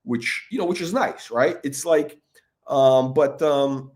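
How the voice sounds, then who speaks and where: A man's voice: medium pitch, slow, a little mellow. A man talking in a rambling, profane monologue, with many fillers, restarts and laughs between remarks. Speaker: watch commentator.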